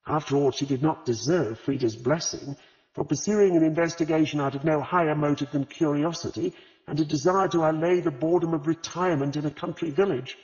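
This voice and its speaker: A man narrating a mystery audiobook with expressive storytelling. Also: fairly high pitch, brisk. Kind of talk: scripted narration. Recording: dull lo-fi audio with long reverb.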